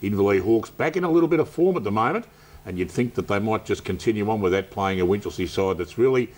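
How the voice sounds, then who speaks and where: An Australian man hosting a local football TV panel show, brisk and chatty. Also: on the low side, expressive, a little mellow. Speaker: host.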